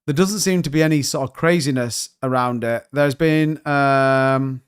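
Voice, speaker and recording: A man's voice: medium pitch, unhurried, clean tone. A man hosting a casual livestream, joking and bantering as he reads out chat comments. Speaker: crypto livestream host.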